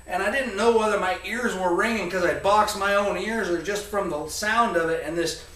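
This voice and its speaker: A man around forty, telling a comic story to an audience in a rambling, animated way. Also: high-pitched, normal speed, slight background noise. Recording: echoey room, voice from a distance.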